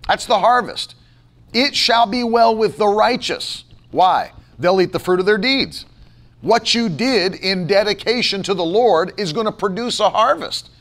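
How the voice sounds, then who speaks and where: A man's voice: high-pitched, a bit bright. A man pastor preaching a sermon, emphatic and repetitive, firing off rhetorical questions.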